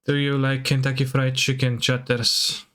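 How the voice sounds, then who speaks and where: A man streams a card game and banters with viewers in a clean, fairly bright, mid-range voice, monotone and moderately paced. His casual talk is broken up by playful, silly sing-song noises.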